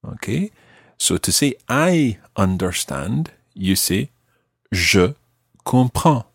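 Husky-voiced male language teacher. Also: on the low side, big pitch swings, no room sound, clean studio sound. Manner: patient, prompts the learner, slows down for example phrases. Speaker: language teacher and podcast host. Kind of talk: podcast language lesson.

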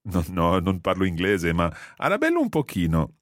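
A man playing a friendly young Italian man chatting with a tourist, speaking slowly and clearly for learners. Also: sits low, wildly swooping pitch, dry recording, clean studio sound.

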